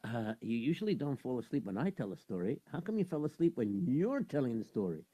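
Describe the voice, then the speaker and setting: A male storyteller making low, chatty asides to his stage partner during a comic performance. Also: very animated, fairly quick, mellow, husky, no echo.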